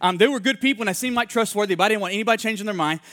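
A man delivering a sermon as a rapid-fire story, his voice sitting a little high for a man. He acts out the people in his tale with lively voices and lets his voice fall to a hush when the story turns heartfelt. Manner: animated storyteller who acts out the people he quotes; drops to soft, hushed tones in heartfelt moments.

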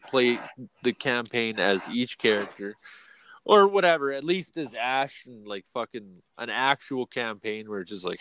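A man's voice: mid-range voice, fairly bright tone. Rambling profane man in his thirties. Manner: profane, rambling, laughs often. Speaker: podcast co-host. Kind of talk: casual chat.

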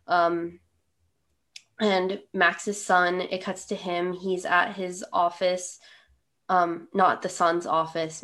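A woman in a casual chat, unhurried and drawn out in her delivery. She narrates the film's events and pokes fun at them with dry sarcasm. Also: on the low side, a bit bright. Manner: sarcastic, mocking film commentary. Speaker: podcast co-host recapping a film.

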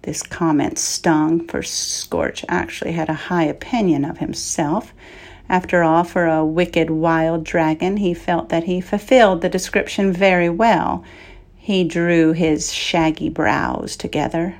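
A woman narrating a fantasy storybook in a measured, even manner. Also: lowish voice. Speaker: audiobook narrator.

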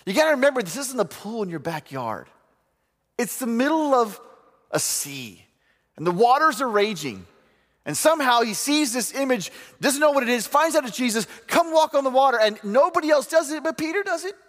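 Animated male preacher in a reverberant hall. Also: very high voice, normal speed. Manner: animated storytelling with humor and quoted voices. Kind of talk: sermon.

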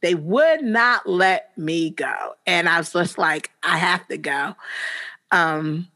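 A woman's voice: lowish voice, slow, bright, forceful tone. A middle-aged woman, a teacher, telling earnest personal stories as a podcast guest, her voice jumping up when she quotes the children. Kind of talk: personal storytelling in a podcast interview.

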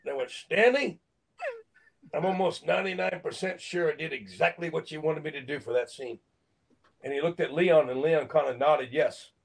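Animated older man telling stories. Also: on the high side, normal speed, creaky, slightly rough, rough recording. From Phoenix, Arizona, USA. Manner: animated, acts out quotes, laughs between lines. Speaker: actor and guest. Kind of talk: anecdotal storytelling in an interview.

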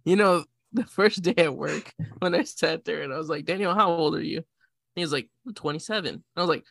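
A man in his twenties co-hosting a podcast, animated and joking, swearing freely. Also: a little high, brisk, vocal fry, no room sound. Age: 20s. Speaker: podcast co-host. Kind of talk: casual podcast banter.

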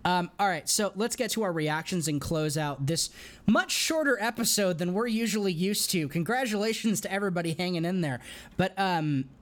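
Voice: medium pitch, animated, normal speed. A podcast host chatting casually and swearing now and then, running a movie review.

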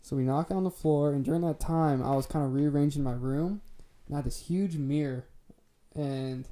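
Young male co-host, slightly high voice with a mellow, relaxed tone, rambling and cursing casually as he tells a story. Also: normal speed. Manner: laid-back, swears freely, lots of fillers. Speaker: podcast co-host telling a story. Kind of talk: casual storytelling among friends.

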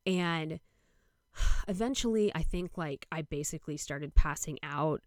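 A woman's voice: sits low, measured pace, no room sound, studio quality. A young adult woman hosting a podcast, telling a long story in a rambling way, full of "like" and quoted dialogue. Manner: rambling, heavy use of "like", quoting others. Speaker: podcast host. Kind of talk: casual storytelling monologue.

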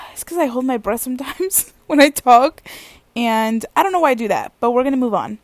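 A young woman talks to her viewers from her bed in a rambling, giggly, self-deprecating way. Her voice sits a little high, and the sound is dry and close with no room in it. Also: animated, moderate pace, no echo. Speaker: vlogger. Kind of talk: casual chat. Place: bedroom, lying on bed.

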